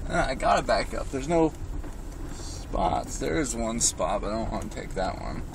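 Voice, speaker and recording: A man's voice: medium pitch, expressive, normal speed, creaky. A young man talking to himself while driving, rambling and joking, recorded from a distance with road noise behind. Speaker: vlogger. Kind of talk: casual talk while driving. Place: in a car.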